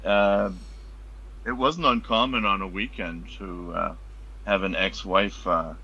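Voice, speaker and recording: Casting: man, lowish voice with a bright, forceful edge, halting restarts, casual chat. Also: gravelly, breathy edge, lo-fi sound. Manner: hesitant starts, then animated. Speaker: podcast guest, former customs officer.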